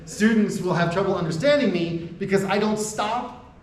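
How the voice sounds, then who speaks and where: A man's voice: high voice, moderate pace, distant mic. American man lecturing in an echoey room. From United States. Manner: conversational, frequent "right?" checks and restarts; laughs between points. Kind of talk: university lecture to faculty.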